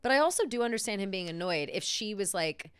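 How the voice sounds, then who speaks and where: A woman's voice: medium pitch, animated, quick pace, clean tone, dry recording, studio quality. A woman co-hosting a podcast, chatting animatedly about a TV episode, laughing often and swearing casually. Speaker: podcast co-host. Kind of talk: casual chat recapping a TV episode.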